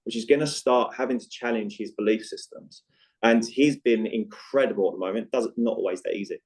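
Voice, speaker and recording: A man's voice: lowish voice, a little fast, darkish tone, rough recording. A man on a podcast as a guest coach, telling stories animatedly, acting out dialogue and often checking in with "right?". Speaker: guest, movement coach for chronic pain. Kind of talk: conversational podcast storytelling.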